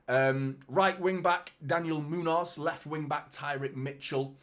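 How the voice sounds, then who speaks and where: A man's voice: fairly high pitch, fairly even intonation, measured pace, a bit bright. Guy running a live football watchalong, chatty, swears a bit, talks to chat like mates. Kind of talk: casual live-stream chat.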